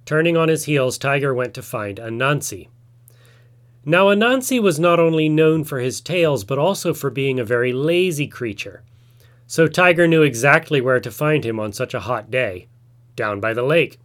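A man narrating a folk tale in a measured, expressive storytelling manner. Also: mid-range voice.

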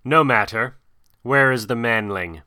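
A huge old python with a slow, hissing, menacing drawl, put on by a man reading a storybook. The voice is crisp and bright, set against a dry, close sound. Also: medium pitch, no echo. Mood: calm. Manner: slow, hissing, drawn-out speech.

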